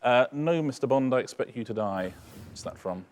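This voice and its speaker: A man co-hosting a quiz show from a studio desk, with a mid-pitched voice. His delivery is dry and low-key, sliding into deadpan quips with a few hesitant fillers. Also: moderate pace. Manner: dry, quipping, slightly rambling with fillers. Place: television studio.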